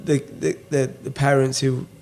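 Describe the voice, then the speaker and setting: A man's voice: medium pitch, little pitch movement, normal speed, vocal fry, darkish tone, a little hiss or hum. A man reflecting in a casual podcast chat. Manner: reflective, self-questioning. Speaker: musician guest.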